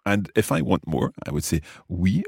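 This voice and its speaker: A man's voice: low-pitched, big pitch swings, moderate pace, creaky, darkish tone, breathy edge, no echo, clean studio sound. A man hosting a language lesson, steering the talk in a friendly manner and laughing often. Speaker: host and language teacher. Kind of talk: casual teaching chat.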